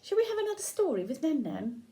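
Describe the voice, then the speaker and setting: A woman reading a children's picture book aloud, gentle and sing-song, pausing to ask the young listener questions. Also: high voice, big pitch swings. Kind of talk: children's read-aloud storytelling.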